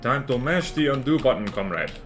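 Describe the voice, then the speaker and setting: A man's voice: mid-range voice, expressive, fairly quick, fairly bright tone, soft background music, close to an everyday voice. A man voicing a proud, patriotic male comrade engineer with a put-on mixed foreign accent and solemn broken-grammar pronouncements.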